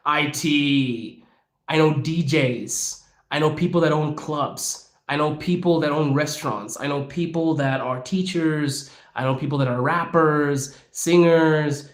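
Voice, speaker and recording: Echoey, animated male podcast host. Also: a little high. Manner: animated, acts out quoted people with laughs. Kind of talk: casual Q&A monologue. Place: lives in Russia.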